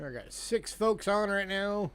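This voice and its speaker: A man chats casually as host of a live coin sale stream. His voice sits a little high for a man, and he talks in a loose, relaxed way, filling time with easy remarks to his viewers. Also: measured pace, clean tone. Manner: relaxed, chatty, yawning between remarks. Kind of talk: casual livestream chat.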